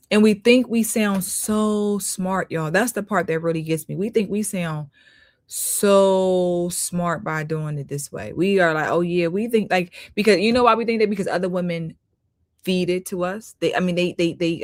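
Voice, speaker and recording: A woman's voice: fairly low pitch, no room sound, clean studio sound. A woman hosting a live-stream commentary, critical in tone, often repeating herself for emphasis and talking to viewers as "y'all". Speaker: host.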